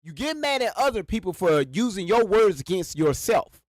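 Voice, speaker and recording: A man with a high, lively voice that leaps up and down as he rants to his livestream chat. He speaks into a close microphone in a dry, dead room and calls out to his viewers again and again. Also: moderate pace, no room sound. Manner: animated, repetitive, addresses viewers directly. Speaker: livestream host. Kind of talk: live reaction rant to chat. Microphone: sits behind a microphone.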